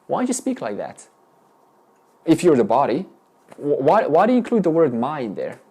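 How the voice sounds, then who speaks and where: A man's voice: a little high, wildly swooping pitch, moderate pace, dark tone, husky. A man teaching a spiritual class, firing questions at students with frequent restarts. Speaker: Vedanta teacher. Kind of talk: interactive spiritual lesson.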